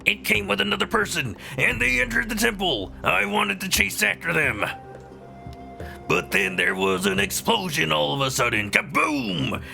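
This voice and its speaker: A man's voice: sits high, very animated, moderate pace, sharp tone, voice pushed up, exaggerated voice. A man voicing a boisterous male rock-creature explorer with a growling macho wrestler drawl, reading game dialogue on a live stream. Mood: gruff, boisterous. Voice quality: gravelly. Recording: game music underneath.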